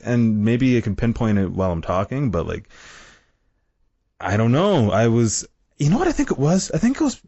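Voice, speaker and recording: A man's voice: medium pitch, normal speed, no echo. A man guesting on a podcast, chatting casually, hesitant and full of "like" fillers. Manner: animated, hesitant, many "like" fillers. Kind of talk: casual chat. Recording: dry dull lo-fi sound.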